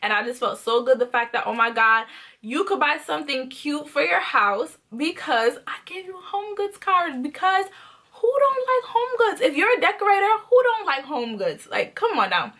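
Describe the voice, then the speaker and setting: A young woman vlogger telling a casual storytime, animated and slangy, acting out what people said. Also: high-pitched, normal speed. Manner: animated, quotes people in lively voices; slangy and conversational.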